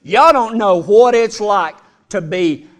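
A man's voice: sits high, animated, slow. A man quoting a boastful, overheated brother-in-law. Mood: complaining. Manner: complaining, know-it-all.

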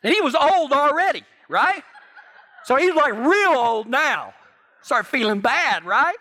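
Bright, high-voiced folksy cowboy preacher. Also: male voice, sing-song, a little slow. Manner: folksy, drawling, swings between hushed and loud. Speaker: cowboy church pastor. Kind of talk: sermon with folksy ranch storytelling.

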